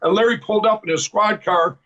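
Earnest high-voiced man telling his story. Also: fairly quick, fairly bright tone, dull audio. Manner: rambling, repeats "I said" while retelling dialogue. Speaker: guest telling his testimony. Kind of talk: personal storytelling.

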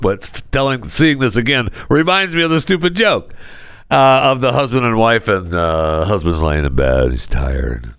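A man's voice: on the low side, sing-song, moderate pace, fairly bright tone, clean tone, no room sound, clean studio sound. A man hosting a podcast, telling jokes in a casual comedic monologue and chuckling at his own lines. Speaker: podcast host.

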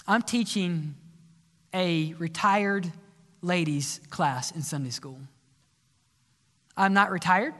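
An older man preaching an impassioned sermon in a church, swinging from loud appeals to hushed pleas. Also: sits high. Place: church sanctuary. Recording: long church hall reverb.

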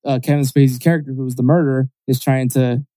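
A man's voice: medium pitch, steady tone, quick pace, mellow, dry recording. A man in casual chat, rambling as he retells a story, with many fillers and restarts.

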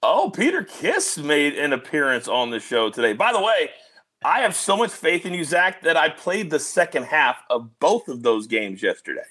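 A man hosting a sports betting show, animated and joking as he teases his guests. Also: fairly high pitch, normal speed.

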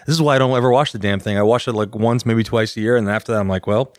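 A man's voice: on the low side, racing, no room sound, clean studio sound. Laid-back rambling man co-hosting. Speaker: podcast co-host. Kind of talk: casual chat.

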